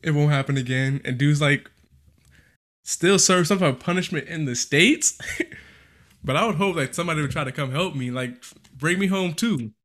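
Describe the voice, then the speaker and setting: A man co-hosting a casual podcast, joking and laughing a lot, with profane asides and quick bursts of speech. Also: a little high, fairly bright tone. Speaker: podcast co-host.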